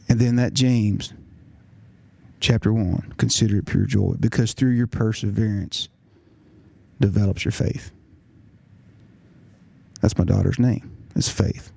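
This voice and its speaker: A man's voice: lowish voice, unhurried, vocal fry, long pauses, warm tone. A middle-aged man giving an earnest personal testimony, often restarting his words. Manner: earnest storytelling with repeated restarts. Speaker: nurse practitioner telling his story.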